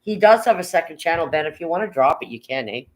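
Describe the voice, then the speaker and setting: A woman's voice: low voice, animated, fast, low-quality recording. An older woman hosting a casual livestream from home, rambling and reading viewers' comments aloud with casual swearing. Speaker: livestream host.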